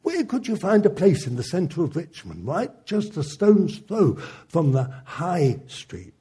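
A man preaching with a very husky, hoarse-edged voice. His pitch sits a little high and swings widely as he tells his story. He chuckles often, and the tone is dark and mellow. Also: big pitch swings, measured pace. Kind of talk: sermon testimony storytelling.

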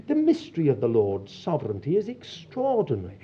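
An older man who leads a Christian fellowship, telling lively anecdotes to his congregation and acting out the voices of the people in them. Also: very high-pitched, brisk, few pauses. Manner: animated storytelling, acts out quoted voices. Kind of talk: anecdotal testimony talk. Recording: dull lo-fi recording.

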